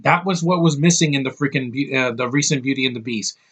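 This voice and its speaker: A man talks through a movie review in a loose, unscripted way. He is blunt and profane, often stumbling and restarting mid-sentence, at a middling pitch. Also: fast, fairly bright tone, husky. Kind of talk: casual spoken review.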